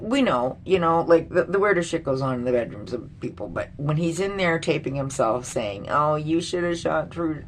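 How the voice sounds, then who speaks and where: Bluntly and with plenty of profanity, a middle-aged woman vlogger vents her indignation in casual commentary. Her voice is low-pitched, and some slight background noise is audible.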